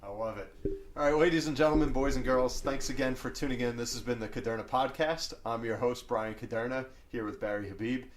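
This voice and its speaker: Fast-talking male podcast host. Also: mid-range voice, fairly even intonation, slight background noise. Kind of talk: casual interview.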